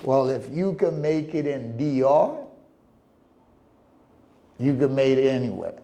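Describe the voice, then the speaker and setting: A man hosting his own podcast, talking casually in a monologue and acting out quoted visitors with lively restarts. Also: mid-range voice, slow pace. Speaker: podcast host. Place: living in the Dominican Republic.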